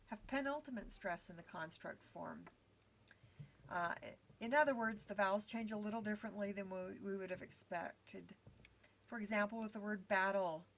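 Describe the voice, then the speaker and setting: A woman teaching a recorded slide lesson at an ordinary pitch. She explains patiently and step by step. Small fillers dot her speech as she walks through each example.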